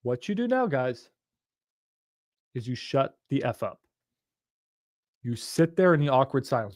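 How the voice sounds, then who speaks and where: A man coaching in a casual, animated and profane way, acting out phone calls with sellers. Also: mid-range voice, measured pace, pauses often, dry recording, studio quality. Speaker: real estate investing coach.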